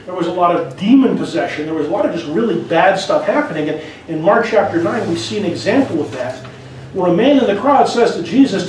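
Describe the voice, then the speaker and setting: In a church sanctuary, a man preaches a sermon earnestly and conversationally, frequently restarting his phrases. His voice is high-pitched with lively intonation and a brisk pace. The mic is far off in a very echoey hall, with slight background noise.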